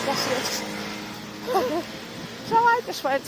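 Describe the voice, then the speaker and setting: A woman's voice: very high-pitched, big pitch swings, a little slow, long pauses, heavy background noise. A young woman tour guide vlogging, agitated and swearing as she retells an argument. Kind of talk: ranting vlog monologue.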